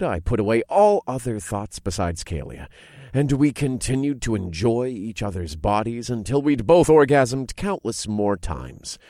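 A man narrating an adult audiobook in the first person, with an expressive reading that builds in intensity. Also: medium pitch, no room sound, clean studio sound.

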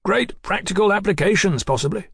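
A man's voice: sits high, brisk, creaky, a bit bright, slightly rough, dry recording, clean studio sound, voice pushed up, full character voice. A man doing a hearty, raised-voice engineer. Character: cheerful, practical male engineer.

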